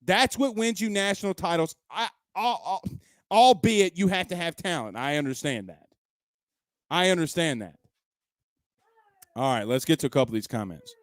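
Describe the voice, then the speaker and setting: A male sports talk host with a slightly high voice, speaking in a dry, close sound. He argues his points with emphasis, repeats himself for effect and fires off rhetorical questions. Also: animated, moderate pace, long pauses, no room sound. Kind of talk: opinionated sports talk commentary. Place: at home.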